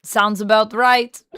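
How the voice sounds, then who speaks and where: A woman's voice: fairly high pitch, fairly bright tone, smooth, no echo, studio quality. A woman streamer chatting casually on a livestream, reading viewer comments aloud and answering them, at times in a playful mock French Canadian accent.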